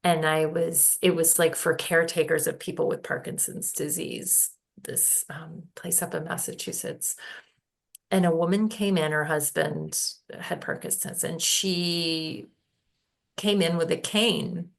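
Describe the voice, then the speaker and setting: A woman holistic healing practitioner, telling stories in a casual podcast conversation, unhurried and halting with many fillers. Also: sits low, fairly even intonation, gravelly.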